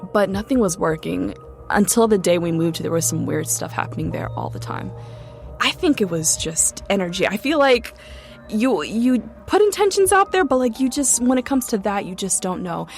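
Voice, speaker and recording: A woman's voice: medium pitch, animated, normal speed, creaky, soft background music. A young woman casually recounting a true ghost story in a chatty way, full of "like" and "um" fillers. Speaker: guest storyteller.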